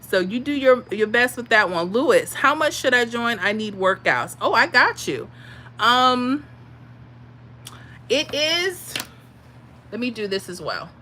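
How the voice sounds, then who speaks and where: A woman's voice: fairly high pitch, very animated, unhurried, pauses often, bright, forceful tone, slight background noise, low-quality recording. A woman from Florida, hosting a casual livestream and answering viewer comments. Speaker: livestream host.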